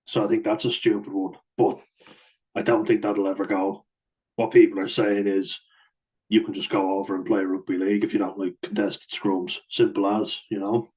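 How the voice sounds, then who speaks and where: Low, flat-voiced man talking rugby. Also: normal speed, low-quality recording. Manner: blunt and chatty, swears and laughs easily. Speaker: host and rugby player. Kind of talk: casual commentary on rugby rules.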